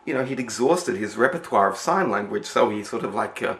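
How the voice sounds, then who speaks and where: A man's voice: on the low side, animated, brisk, a bit bright, echoey room. A man telling a story in a rambling way, with many restarts and repeated words. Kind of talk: spoken storytelling.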